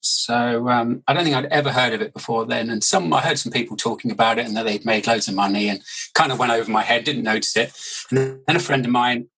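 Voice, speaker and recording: A middle-aged man with a Surrey English accent talks as a guest. His voice is mid-pitched and husky. He rambles in a relaxed way and often restarts his sentences. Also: quick pace, faint music behind, rough recording. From Surrey, England. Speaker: board game inventor, guest. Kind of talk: casual interview chat.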